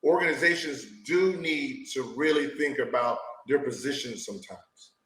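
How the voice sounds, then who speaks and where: A man hosting an interview show, chatting in a relaxed, conversational way about players' experiences. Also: medium pitch, moderate pace, roomy sound, low-quality recording. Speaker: podcast host, former NBA player. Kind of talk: casual chat.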